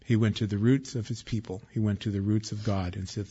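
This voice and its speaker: Man preaching a sermon, husky timbre, conversational with loud and hushed turns, dull lo-fi sound. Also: lowish voice, steady tone, a little fast. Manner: conversational, acts out quotes, swings between loud and hushed. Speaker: pastor. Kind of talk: expository sermon. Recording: dull lo-fi recording.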